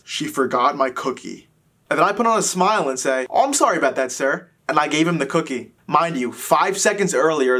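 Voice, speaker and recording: Young guy, higher voice, self-deprecating confessional storyteller. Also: a bit bright. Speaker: vlogger. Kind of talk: personal confessional monologue.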